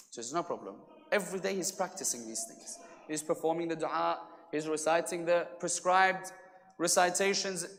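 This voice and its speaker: A man delivering an animated religious lecture, acting out each character's lines as he tells the story. His voice rises and drops sharply in volume. The sound carries a long reverb from a large hall. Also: fairly high pitch. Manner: animated storyteller, acts out dialogue with shifting volume.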